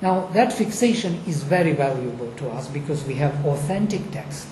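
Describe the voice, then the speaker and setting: Speaking warmly at a moderate pace, this panel lecturer on Vedic recitation uses a medium-pitched voice with lively intonation. The delivery is emphatic and leans on rhetorical questions while explaining ancient recitation. Faint noise and echo fill the room.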